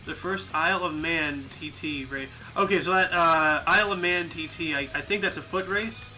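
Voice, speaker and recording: Young male co-host, high bright voice, casual fact-reader. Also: normal speed, soft background music, low-quality recording. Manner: laughs often, reads facts aloud. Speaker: podcast co-host. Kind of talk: casual chat reading history facts.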